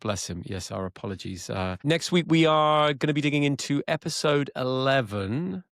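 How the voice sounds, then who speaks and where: A man's voice: medium pitch, animated, normal speed, a bit bright, no echo, clean studio sound. A middle-aged man co-hosting a podcast in a genial, casual chat, sometimes hesitant. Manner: genial, hesitant, wraps up the show. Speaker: podcast co-host, former cast member.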